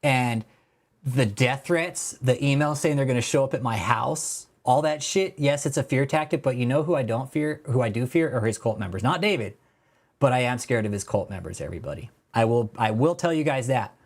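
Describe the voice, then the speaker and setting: A man's voice: medium pitch, lively intonation, brisk. A man hosting a casual livestream, talking in a profane, mocking way, laughing and calling people bro. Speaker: livestream host.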